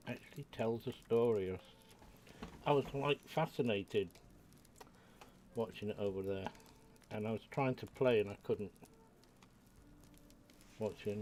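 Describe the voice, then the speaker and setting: A man's voice: lowish voice, mellow, slight background noise. Chatty older man streaming a game. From United Kingdom. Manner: chatty, rambling, talks to himself. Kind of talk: casual live-stream commentary while playing.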